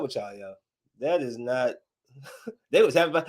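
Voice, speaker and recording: Animated slangy man ranting on a podcast. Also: measured pace, pauses often. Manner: animated storytelling, swings from loud outbursts to low muttering; laughs often, slangy and joking. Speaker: podcast host. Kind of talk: casual solo podcast rant.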